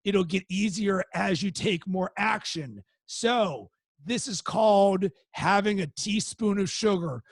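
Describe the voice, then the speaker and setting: A man hosting a motivational webinar, his higher voice edged with gravelly fry. He tells stories with energy and acts out the quoted outbursts in them. The sound is dry and close, with almost no room. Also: slow, no echo. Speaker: webinar host. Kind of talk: motivational talk.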